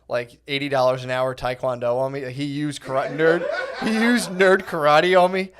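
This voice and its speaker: A man with a fairly high voice, chatting casually as a podcast co-host. He tells profane school stories with excitable energy. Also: normal speed, crowd noise. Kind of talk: casual chat.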